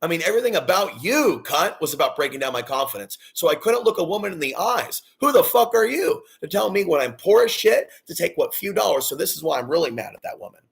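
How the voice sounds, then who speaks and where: Ranting, bitter man, higher-pitched. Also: very animated, fast, creaky, hardly any pauses. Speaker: vlogger. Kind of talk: angry personal rant.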